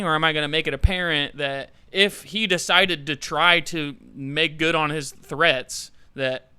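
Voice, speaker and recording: A man's voice: on the high side, pushed and bright, smooth, no room sound. A young man co-hosting a podcast, talking casually and reflectively about his experiences. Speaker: podcast co-host. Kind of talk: casual chat.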